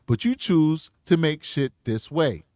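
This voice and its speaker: A man's voice: a little high, lively intonation, a little slow, mellow, no echo, clean studio sound. A man hosting a true crime channel, commenting bluntly in slangy casual talk while reading posts aloud.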